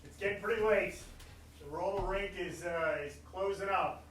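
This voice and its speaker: A man performing improvised comedy as a gruff rink manager who blusters and shouts. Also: high voice, normal speed. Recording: echoey stage, far mic, faint noise.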